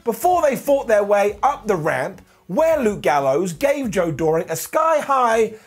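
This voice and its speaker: A man's voice: sing-song, unhurried, few pauses. A man who has lost his voice, reviewing a wrestling show in a jokey, theatrical way. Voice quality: husky. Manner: theatrical, jokey, big swings in pitch. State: hoarse, lost voice. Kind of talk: animated review monologue.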